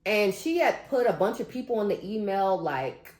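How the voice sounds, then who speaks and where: Woman vlogger, emphatic casual vent straight to camera, mid pitch, roomy echo. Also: animated, normal speed, darkish tone. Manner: emphatic, talks straight to viewers.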